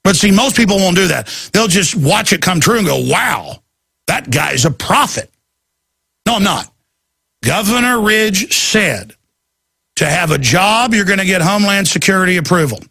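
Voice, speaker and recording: A man's voice: high-pitched, animated, normal speed, bright, forceful tone, no echo. A man hosting a show, delivering an urgent, insistent ranting monologue to his viewers. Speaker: host.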